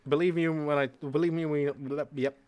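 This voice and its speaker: A man's voice: a little high, fairly even intonation, normal speed, a little mellow, smooth, no room sound. A young adult man with a British-sounding accent, streaming and chatting loosely with viewers, swearing now and then. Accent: British-sounding English. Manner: chatty, loose and profane, answering chat messages. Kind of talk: casual chat with stream viewers while gaming. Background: faint background music.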